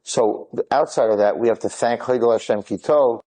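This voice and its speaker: A man in a mid-range voice, speaking at a moderate pace, brings dramatic stories to life for an audience by acting out the quoted dialogue, with frequent asides breaking in. The recording is low quality.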